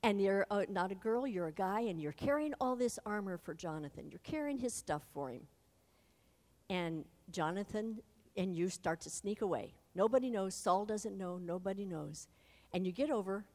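Animated woman teaching in a hall. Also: medium pitch, moderate pace. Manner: animated, addresses listeners directly. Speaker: Bible teacher. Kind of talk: Bible storytelling to an adult audience. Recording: long hall reverb.

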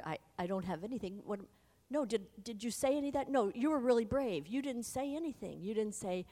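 Animated woman teaching in a hall. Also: medium pitch, brisk, gravelly. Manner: animated, addresses listeners directly. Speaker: Bible teacher. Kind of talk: Bible storytelling to an adult audience. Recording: long hall reverb.

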